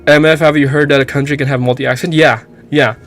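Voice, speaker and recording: A man's voice: on the high side, steady tone, fast talker, a bit bright. A man from the Philippines with an American-sounding accent, giving casual, rambling let's-play commentary and swearing freely. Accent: American-sounding English. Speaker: streamer playing a game.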